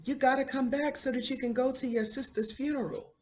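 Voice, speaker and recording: Pitched-up pleading schoolmaster man, as a woman quotes him, raised calls, for a casual retelling. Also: fairly even intonation, fairly quick, a little mellow, slight background noise, natural voice. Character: stern male schoolmaster calling a boy back.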